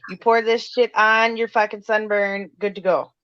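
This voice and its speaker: A woman's voice: mid-range voice, flat delivery, moderate pace, smooth, muffled recording. A woman in casual banter who talks in a bossy, teasing and insistent way.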